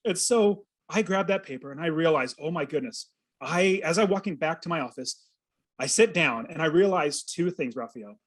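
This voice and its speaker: A man in his thirties, a podcast guest, telling a personal story with earnest, animated feeling and acting out his own thoughts. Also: on the high side, moderate pace. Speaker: podcast guest, real estate investor. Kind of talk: storytelling in an interview.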